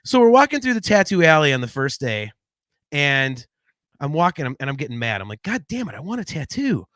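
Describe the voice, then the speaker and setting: A man in his forties, co-hosting a podcast, who tells family stories in a lively, laughing way and reads out chat comments. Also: a little high, brisk, dry recording, clean studio sound. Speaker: podcast co-host.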